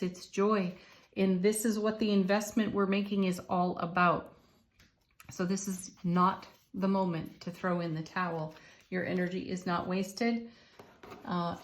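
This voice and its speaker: A woman giving an intuitive tarot card reading to her viewers, soothing and encouraging, with soft laughs. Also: medium pitch. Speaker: tarot reader.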